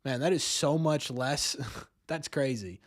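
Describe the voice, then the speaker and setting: A man's voice: mid-range voice, slow. A man hosting a live-streamed sports talk show, rambling, repeating words and ending many lines with "right?". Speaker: podcast host.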